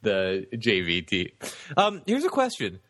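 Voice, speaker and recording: A man co-hosting a casual movie podcast, joking, with sarcastic asides and quick laughs. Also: fairly low pitch, huge pitch swings, a bit bright, no echo, studio quality. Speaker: podcast co-host.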